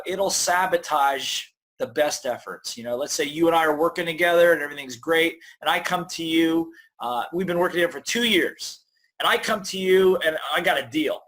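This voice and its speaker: Energetic man telling stories in an interview. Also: fairly high pitch. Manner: energetic storyteller, acts out inner voices. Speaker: guest author. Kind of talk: conversational interview.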